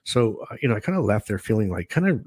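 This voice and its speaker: A man's voice: lowish voice, very animated, quick pace, a little mellow, slightly rough. A middle-aged man hosting his own video, telling a personal story in a rambling, chatty way full of fillers and restarts. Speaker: host.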